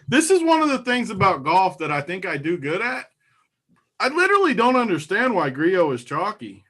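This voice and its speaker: A man's voice: high voice, huge pitch swings, moderate pace, bright, forceful tone. A man co-hosting a casual fantasy sports podcast, ranting with exaggerated disbelief about player picks. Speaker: fantasy sports analyst co-host.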